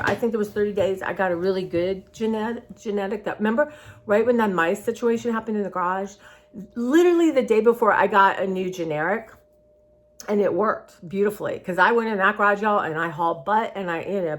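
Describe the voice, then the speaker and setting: A woman in her sixties chatting casually to her viewers, rambling from one thought to the next and calling them y'all. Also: mid-range voice. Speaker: vlogger. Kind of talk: casual chat to camera.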